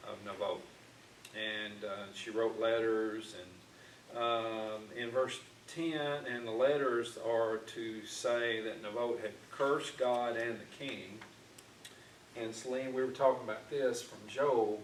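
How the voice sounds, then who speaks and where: Recorded from a distance in an echoey church classroom with faint noise, a man teaches a casual Bible class. His mid-range voice moves at a measured pace, and he keeps using fillers and restarting sentences.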